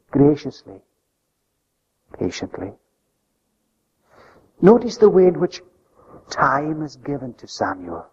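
A man preaching a sermon with an emphatic delivery that swings between loud, high stresses and soft, low drops. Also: slightly rough. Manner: emphatic, rising and falling delivery. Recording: lo-fi recording with long hall reverb.

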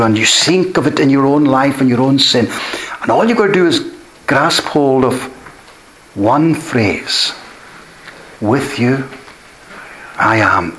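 A man's voice: medium pitch, fairly bright tone, slight background noise. A man preaching a sermon, earnest and emphatic, often repeating key phrases for weight. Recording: echoey room.

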